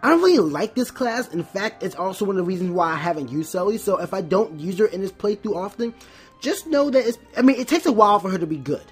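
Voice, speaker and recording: A Let's Play host giving casual gameplay commentary, often stumbling, restarting words and filling pauses with "um". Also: medium pitch, expressive, husky, faint music behind.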